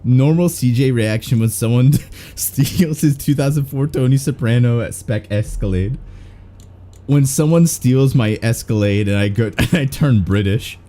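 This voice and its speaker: A man's voice: medium pitch, unhurried, dark tone. A young man doing casual, rambling live-stream gameplay commentary, swearing and self-mocking. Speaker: game streamer.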